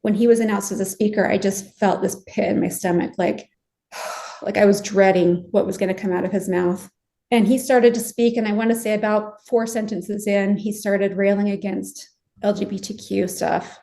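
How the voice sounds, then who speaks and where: Woman, middle-aged, gravelly voice, mellow tone, impassioned personal story. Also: medium pitch, steady tone, normal speed. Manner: emotional, impassioned recounting. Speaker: podcast guest.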